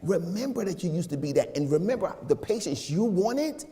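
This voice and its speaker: A man's voice: sits high, normal speed. A male minister preaching a conversational, slang-laced sermon, speaking directly to his congregation in a church sanctuary. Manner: casual, slangy, animated preaching with asides to the congregation. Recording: long hall reverb in a sanctuary.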